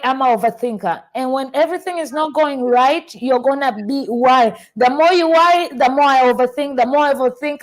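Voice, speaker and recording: Woman host from tanzania, high voice, chatty and animated, trips over her starts a bit. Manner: animated storytelling, repeats words when starting sentences. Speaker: podcast host. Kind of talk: casual podcast chat.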